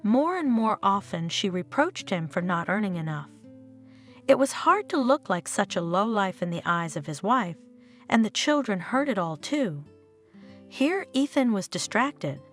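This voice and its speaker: A woman narrating a family drama story in a steady, scripted reading style. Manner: lively, expressive reading with wide swings in pitch.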